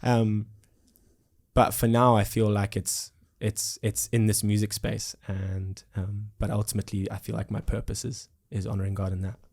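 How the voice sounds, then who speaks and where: In a casual interview, a young South African musician in his twenties speaks earnestly and reflectively, often circling back with fillers and restarts. His voice sits slightly low, level, creaky and a little mellow. He sounds sincere and unhurried as he works through his thoughts.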